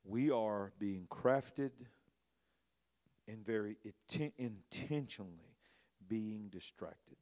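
A man preaching a sermon as a bishop. His delivery swings from hushed to loud, and he repeats phrases for emphasis. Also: lowish voice, slow.

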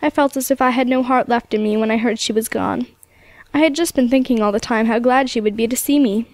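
Grave quiet sailor father, restrained, storybook voice, read by a woman, dry close sound. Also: on the high side, fairly quick, no echo, natural voice. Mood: sorrowful. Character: weather-beaten middle-aged sailor father, quiet, grave. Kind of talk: storybook reading.

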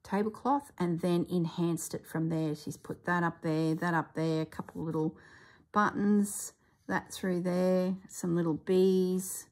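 A woman's voice: lowish voice, steady tone, measured pace, a little mellow. A woman chatting casually as she reviews a craft book, exclaiming and thinking aloud, often trailing off mid-sentence.

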